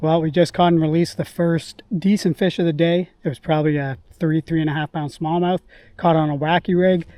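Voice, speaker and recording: A man narrating his own fishing trip from a kayak outdoors, chatting casually and bursting into excited exclamations. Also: a little high, brisk. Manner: excitable, bursts of exclamations while landing fish. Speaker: fishing vlogger. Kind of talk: casual on-the-water commentary. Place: outdoors on a lake or river from a kayak.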